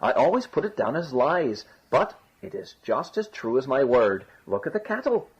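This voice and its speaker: A man voicing a sly young rogue, wheedling and boastful, in a high voice. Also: big pitch swings, moderate pace, slightly rough. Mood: smug. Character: sly young Irish rogue, quick-tongued trickster. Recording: dull lo-fi recording.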